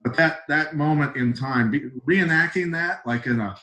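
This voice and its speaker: A middle-aged man, a retired fighter, telling stories as a podcast guest in a blunt, emphatic, animated way. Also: on the high side, moderate pace, low-quality recording. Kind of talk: casual podcast storytelling.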